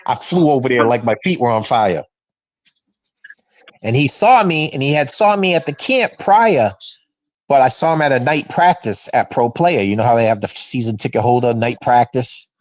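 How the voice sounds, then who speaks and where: Brief: fifties man from Massachusetts, lively fan-show storyteller, mid-pitched, dry sound. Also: moderate pace, dry recording, low-quality recording. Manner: animated storyteller who acts out quoted voices. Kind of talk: casual storytelling chat. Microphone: video call.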